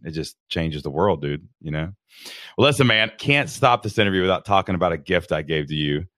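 Heartfelt man, low voice, calling everyone dude. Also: no echo, studio quality. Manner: emotional, heartfelt, says "man" and "dude" a lot. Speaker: podcast guest. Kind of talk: casual interview chat.

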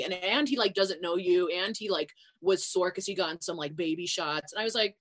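A young adult woman chatting casually as a guest, full of fillers and quick laughs. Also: medium pitch, big pitch swings, a bit bright. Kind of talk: casual chat.

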